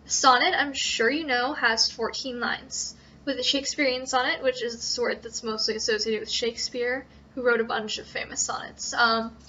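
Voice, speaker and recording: Hesitant young woman, bright lo-fi voice. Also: sits high, slight background noise. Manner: hesitant, many ums and self-corrections. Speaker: student presenter. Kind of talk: informal tutorial. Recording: dull lo-fi recording.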